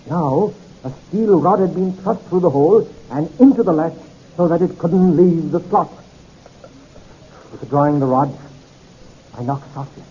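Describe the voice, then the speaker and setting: A man reading a first-person mystery story in a measured, dramatic way. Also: a little high, mellow, husky. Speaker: narrator. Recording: dull lo-fi recording.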